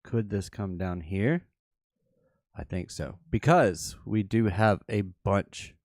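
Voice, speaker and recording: A man hosts a livestreamed trading workshop. He thinks aloud at an unhurried pace in a lowish voice, often stopping to correct himself. His voice sounds close and dry, with no room around it. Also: a little mellow, no echo. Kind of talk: livestream chart walkthrough.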